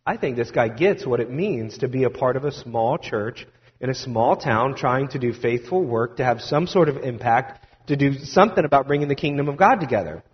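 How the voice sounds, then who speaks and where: A male pastor delivering a casual, story-driven sermon, mixing asides and quoted conversations. His voice is mid-pitched and carries a long reverb tail from a large church space. The recording sounds a bit dull and muffled. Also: animated, moderate pace.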